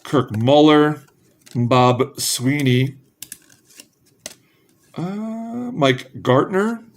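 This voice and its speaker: Slow, unhurried man reading out cards. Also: on the high side. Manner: reads names off cards in a slow, drawn-out way with offhand asides; perks up in bursts of excitement over good pulls. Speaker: card collector opening packs. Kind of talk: casual pack-opening commentary.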